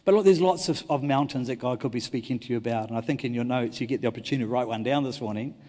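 A man, a pastor preaching a sermon, telling stories and swinging between loud and hushed delivery. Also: mid-range voice, rapid-fire. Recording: long hall reverb.

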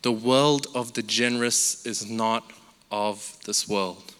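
Man preaching, from malaysia, bright forceful tone, animated storyteller, long hall reverb, faint music underneath. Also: lowish voice, takes it slowly, clear, resonant tone. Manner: animated storytelling, acts out shouting relatives. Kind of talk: sermon with personal story.

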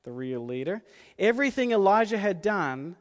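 A man preaching a casual sermon, retelling a story in a conversational, animated way and acting out the quoted lines. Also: high-pitched, normal speed. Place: church hall with screen. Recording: reverberant hall.

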